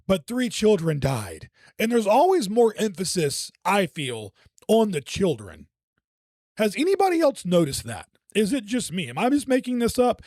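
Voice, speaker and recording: A man with a fairly high voice rambles through conspiratorial commentary and swears as he goes. His voice sounds dry and close, with no room sound around it. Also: a little mellow, dry recording. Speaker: reaction video host. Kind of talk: casual commentary reacting to clips.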